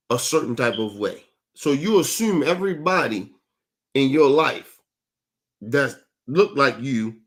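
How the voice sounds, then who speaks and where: A man's voice: on the high side, fairly bright tone. A man hosting an online talk show, giving blunt, profane commentary and often asking "right?". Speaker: show host. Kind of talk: casual commentary.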